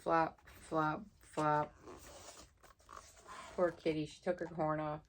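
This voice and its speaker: A woman reading a picture book aloud at bedtime, gentle and pausing to point things out to the listener. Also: sits low, little pitch movement, slight background noise. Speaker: storybook reader.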